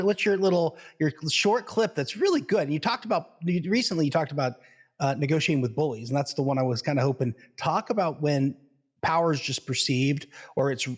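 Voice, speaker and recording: A male podcast host asks his guest questions in a loose, conversational way at a mid pitch. His questions wander and restart several times before he gets them out.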